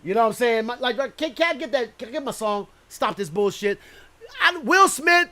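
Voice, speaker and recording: High, lively-voiced man ranting on radio. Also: fast talker. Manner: animated, profane, frequently laughing, shouts at times. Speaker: internet radio show host. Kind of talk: loud ranting radio talk.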